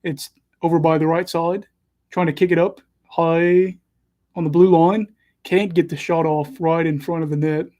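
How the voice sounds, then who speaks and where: Young male livestream host, fairly high mellow voice, casual chatty hockey commentary. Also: little pitch movement, moderate pace. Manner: chatty, self-deprecating, follows play live.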